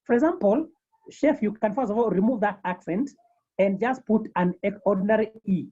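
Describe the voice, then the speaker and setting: A woman teaching a beginners' French class over a video call, slowly repeating each term several times. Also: medium pitch, dark tone, breathy edge, highs cut off. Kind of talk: online language lesson.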